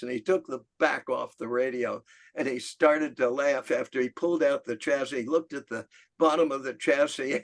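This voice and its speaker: An older man on a video call, telling a lively story about his childhood, laughing often and acting out the voices of the people in it. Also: on the high side, moderate pace, creaky. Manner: animated anecdote, laughing often, acts out voices. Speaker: club member giving a talk. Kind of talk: storytelling talk.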